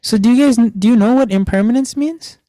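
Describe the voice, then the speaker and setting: A man's voice: very high-pitched, fairly quick, mellow, no room sound, low-quality recording. A young man teaching children an online class, telling a story and asking them questions, repeating the key lines. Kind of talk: storytelling lesson to kids.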